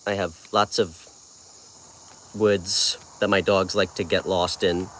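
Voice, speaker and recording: A low-pitched but fairly bright voice, level in tone and slow in delivery, belongs to a New York man hosting a casual tarot livestream. He chats warmly while answering viewers' comments, with slight background noise present.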